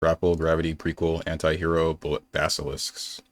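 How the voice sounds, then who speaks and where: A man's voice: rumbling low, little pitch movement, moderate pace, no room sound. A young man streaming games, chatting casually and thinking aloud in a rambling, playful way. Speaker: game streamer. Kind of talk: casual live-stream chat.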